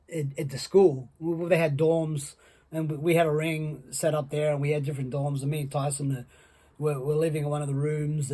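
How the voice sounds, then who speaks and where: A man, a former wrestler, telling a rambling, profane anecdote that builds excitement. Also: on the high side, breathy edge. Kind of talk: casual anecdote.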